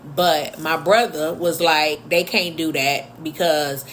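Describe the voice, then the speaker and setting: Lower-voiced woman telling a blunt story. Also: steady tone, slow, fairly bright tone, slight background noise. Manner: blunt, chatty, sarcastic asides. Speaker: vlogger. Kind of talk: casual storytime.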